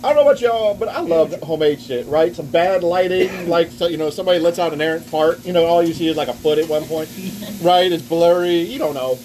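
A man's voice: fairly high pitch, quick pace, background noise. A man hosting a podcast live at a restaurant, telling crude rambling stories with lots of "right?" between lines. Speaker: podcast host. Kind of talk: casual crude podcast banter.

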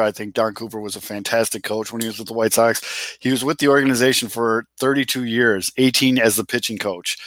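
A podcast co-host with a medium-pitched, slightly bright voice and no echo chats loosely on a casual sports talk show. His talk is conversational and rambling, with restarts and the odd swear word.

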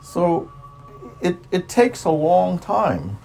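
A man's voice: high-pitched, big pitch swings, vocal fry, darkish tone, soft background music, poor audio. A man speaking as a spiritual teacher in an unscripted talk, repeating himself, restarting phrases and drawing out words. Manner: repetitive, with frequent restarts and drawn-out words.

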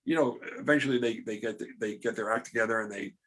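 A man's voice: on the low side, quick pace, a bit bright. A middle-aged man, the podcast host, telling a rambling, self-deprecating story in casual chat.

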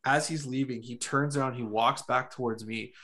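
This young adult man speaks in a mid-pitched voice, laid-back and profane as he recounts a story. He talks casually and tosses in short agreeing interjections. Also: fairly even intonation, moderate pace, fairly bright tone. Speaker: podcast co-host.

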